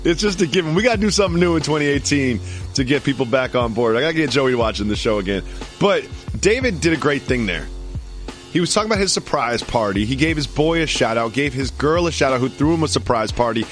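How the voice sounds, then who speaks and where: A man's voice: fast, soft background music. A man co-hosting a sports podcast, bantering and ranting with mock outrage. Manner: animated, mock-outraged, high-energy ranting. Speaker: podcast co-host.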